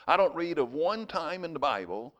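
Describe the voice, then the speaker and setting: A man's voice: big pitch swings, moderate pace. Preacher man telling stories. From United States. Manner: storytelling preacher, jumps to high shouted voices in anecdotes. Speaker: pastor. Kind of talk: sermon.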